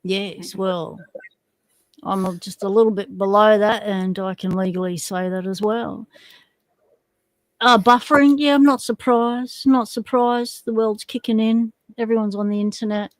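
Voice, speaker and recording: A woman's voice: medium pitch, steady tone, a little slow, dry recording, rough recording. A woman co-hosting a casual livestream, chatty and teasing as she greets viewers by name. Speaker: livestream co-host.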